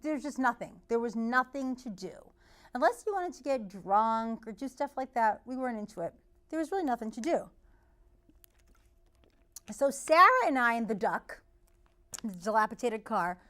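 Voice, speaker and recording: Woman, East Boston accent, storytelling host, lively swoops in pitch, fairly high, gets loud. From North Shore of Massachusetts. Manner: animated, gets loud, acts out the voices of people in her stories. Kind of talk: storytelling monologue.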